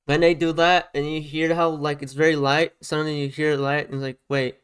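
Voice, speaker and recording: A music reaction YouTuber rants casually and animatedly about a song's production, repeating himself as he points out sounds while the track plays underneath. His voice is a little high, brisk, clear and resonant.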